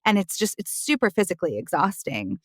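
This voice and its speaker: A woman's voice: mid-range voice, big pitch swings, a little fast, no echo. Dry, close woman host, reflective. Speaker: podcast host. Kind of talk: casual roundtable discussion. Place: recording booth.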